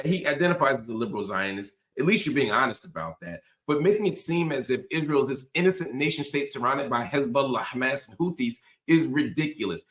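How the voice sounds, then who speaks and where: A man's voice: fairly high pitch, fairly bright tone, echoey room. A man hosting a show, delivering an impassioned, emphatic political commentary monologue. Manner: impassioned, emphatic, repetitive rhetorical. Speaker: host.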